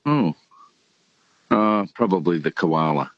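An older Australian man in his sixties calls in to a radio show. His voice is very deep and laid-back as he rambles with many pauses and ums, and the phone line sounds dull and muffled. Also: animated, dry recording. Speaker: caller. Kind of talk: casual phone chat.

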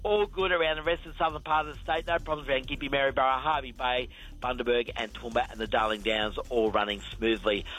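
An Australian man runs through the traffic on a radio show and then chats easily with the host. His tone is bright and forward, with a few hesitant fillers. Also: medium pitch, quick pace, low-quality recording. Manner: steady rundown with hesitant fillers. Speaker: traffic reporter. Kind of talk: traffic report and casual chat.

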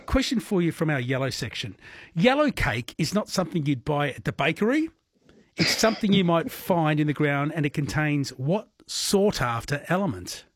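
An Australian man runs a late-night radio quiz with a casual, joking manner. His voice sits a little high and sounds husky. The studio sound is dry and close. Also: big pitch swings, normal speed, no room sound. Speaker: overnight radio quiz host.

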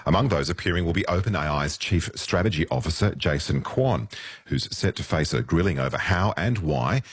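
Very deep-voiced male newsreader. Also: lively intonation, normal speed, breathy edge. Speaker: news presenter. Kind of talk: scripted news presenting.

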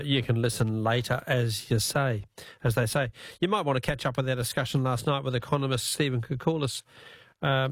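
A man's voice: mid-range voice, no echo, clean studio sound. A man hosting a late-night radio show, chatty and rambling with frequent fillers. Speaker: radio host. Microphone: studio microphone.

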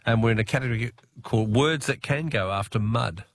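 A man's voice: mid-range voice, fairly quick, no room sound, clean studio sound. A man hosting a radio quiz and chatting with callers, laughing often. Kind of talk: casual talkback quiz.

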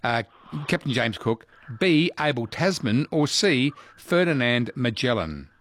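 A man's voice: mid-range voice, sing-song, a little slow, a bit bright. A man hosting a radio quiz, chatting casually and laughing easily with callers.

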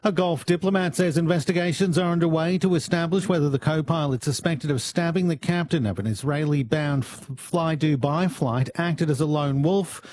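Man, news presenter, measured delivery, slightly high pitch. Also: slight background noise. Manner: measured, even newsreader delivery. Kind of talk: scripted news reading.

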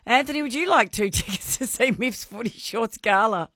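Bright, bubbly Australian woman radio host. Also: on the high side, normal speed, a little hiss or hum. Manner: bubbly, laughing often. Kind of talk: casual radio quiz chat.

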